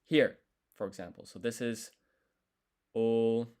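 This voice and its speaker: A man studying a language on a live stream, thinking aloud, sounding out syllables slowly and correcting himself as he goes. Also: mid-range voice, fairly even intonation, a little mellow, clean tone.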